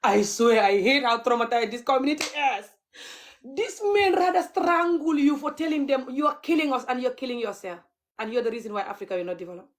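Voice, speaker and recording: On her livestream, a young adult vlogger from Gambia goes on a heated, mocking rant punctuated by bitter laughter. She has a fairly high-pitched voice and a brisk delivery.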